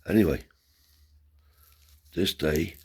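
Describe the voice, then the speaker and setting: A man's voice: low-pitched, takes it slowly, slightly rough. A man telling a family story in a rambling, casual way, slipping in Romani cant words and tag questions. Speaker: storyteller and channel host.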